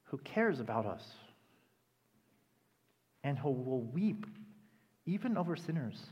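A man preaching a sermon with impassioned delivery that rises to loud, emphatic peaks. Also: mid-range voice, big pitch swings, slow, breathy edge, dull audio. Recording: long reverb of a hall.

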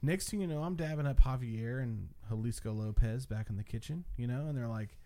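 Casting: man, mellow dark voice, animated profane storyteller among friends. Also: medium pitch, fairly quick. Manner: animated, profane, acts out quotes. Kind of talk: casual storytelling.

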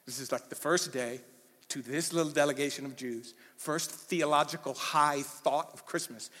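A man preaching a sermon as pastor, animated and emphatic, swinging from loud bursts to hushed lines, with a conversational manner and fillers. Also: a little high, normal speed. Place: church hall. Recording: long hall reverb.

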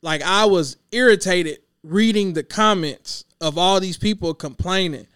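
Podcast host: relaxed male voice, a little high, smooth and clear, slangy and conversational, dry close mic. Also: a little slow, dry recording. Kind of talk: casual podcast chat.

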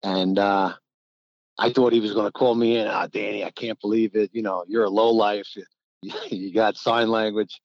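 A man's voice: fairly low pitch, moderate pace, no room sound, highs cut off. An older man, a former basketball player telling rambling stories in a casual interview, acting out old quotes. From New Jersey. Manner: rambling, animated, acts out quotes. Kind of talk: casual storytelling.

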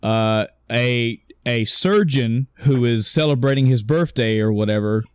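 A man's voice: mid-range voice, unhurried, smooth, dry recording, studio quality. A man co-hosting a casual podcast chat, rambling and correcting himself as he retells a story, swearing offhand and acting out the characters' lines. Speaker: podcast co-host.

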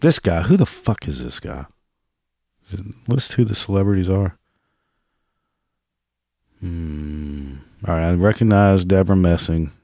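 Reaction vlogger, male, low and dry, heavy sarcasm and cursing. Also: expressive, measured pace, pauses often, mellow, no room sound. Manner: sarcastic and profane. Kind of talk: casual reaction commentary.

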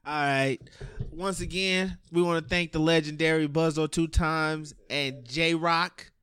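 A man hosting a podcast, giving upbeat shout-outs and signing off the show. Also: a little high, fairly even intonation, measured pace, smooth. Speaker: podcast host. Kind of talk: casual chat.

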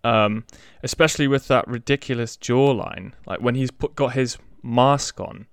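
Brief: male co-host, hesitant and emphatic, crisp voice with a dry sound. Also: medium pitch, moderate pace, dry recording. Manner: hesitant, many restarts, emphatic. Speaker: podcast co-host. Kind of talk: casual chat.

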